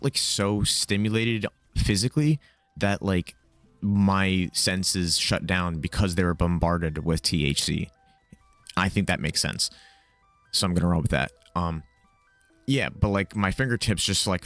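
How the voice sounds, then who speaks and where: A young man telling a casual, comedic personal story in a rambling, profane way, full of fillers and slang. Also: low voice. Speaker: storyteller, video host.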